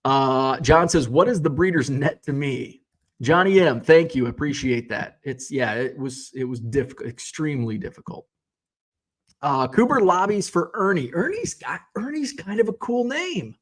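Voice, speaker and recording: A man in his thirties hosting a casual livestream, reading viewer comments aloud and chatting in a relaxed, rambling way, with lots of fillers and restarts, a little tired. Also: on the high side. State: yawning, tired. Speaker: card-collecting livestream host.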